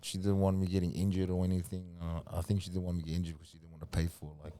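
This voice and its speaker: A soft-spoken young man from New Zealand, telling stories in a relaxed, casual way as an interview guest. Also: sits low, rapid-fire, no echo. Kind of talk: casual storytelling.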